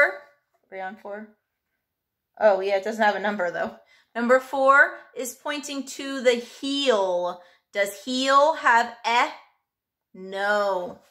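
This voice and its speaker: A woman's voice: a little high, sharp tone. A woman teaching a phonics workbook lesson to a child, sounding out letters patiently.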